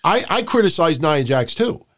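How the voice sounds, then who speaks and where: A man co-hosting a wrestling podcast, recapping the show in casual, profane chat and shouting out quotes in a high voice. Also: normal speed. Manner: animated, profane, mimics people in loud high shouts. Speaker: podcast co-host.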